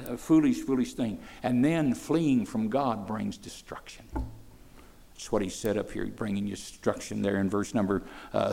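A man's voice: lowish voice, gravelly, dark tone, in a large hall. A man preaching a sermon, pressing his listeners with rhetorical questions and rising to fervent peaks.

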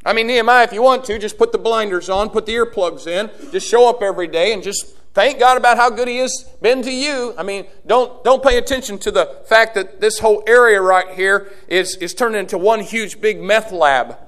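A man preaches a sermon in a notably high voice. He swings from quiet, low passages up to fervent shouted appeals aimed at his congregation. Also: moderate pace, hardly any pauses.

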